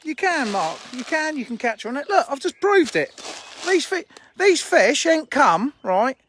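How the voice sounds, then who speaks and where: A man's voice: extremely high pitch, sing-song, unhurried, a bit bright. A man who owns a fishery, chatting casually on a live stream from his phone and answering viewers' comments with a laugh. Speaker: fishery owner. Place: outdoors by a fishing lake. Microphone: handheld phone. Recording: faint outdoor noise and birdsong. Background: birdsong.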